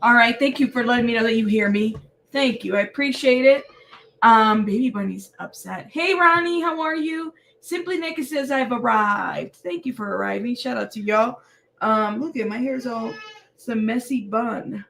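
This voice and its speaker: Tired chatty woman with a gravelly voice. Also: a little high, normal speed, a bit bright, slight background noise. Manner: chatty, greets viewers by name. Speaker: livestream host. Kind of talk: casual live chat greeting viewers.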